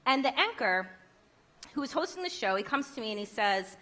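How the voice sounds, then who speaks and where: Bright-voiced woman giving an emphatic keynote. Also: on the high side, sing-song, brisk. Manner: emphatic and rhetorical, with wry humor. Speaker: keynote speaker. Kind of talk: conference keynote speech.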